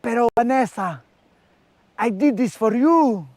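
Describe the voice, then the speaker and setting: A man's voice: extremely high pitch, expressive, a little slow, a little mellow, no room sound, studio quality, voice pushed up. A man putting on the voice of a melodramatic young soap-opera lover who pleads and swoons in an overwrought way. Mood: dramatic pleading.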